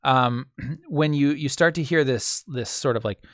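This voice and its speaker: A man's voice: medium pitch, a little slow, fairly bright tone, no room sound, studio quality. A man running a tabletop game as game master, describing scenes vividly and making sound effects with his mouth.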